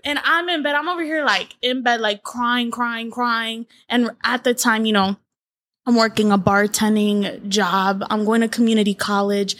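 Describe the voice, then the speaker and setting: Young woman, wellness coach guest, candid and lively, jumps into voices for quotes, slightly high pitch. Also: moderate pace, no echo. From Latin America. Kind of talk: candid podcast storytelling.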